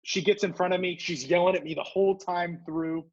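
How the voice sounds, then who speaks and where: A man with a high voice speaks fairly quickly, and the recording lacks its upper frequencies. Co-hosting a podcast, this Southern Californian tells a story conversationally and animatedly, voicing the people in it.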